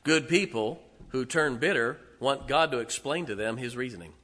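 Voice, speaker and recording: A man preaching a sermon in a church, emphatic, swinging between loud outbursts and hushed asides. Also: mid-range voice, normal speed, in a large hall.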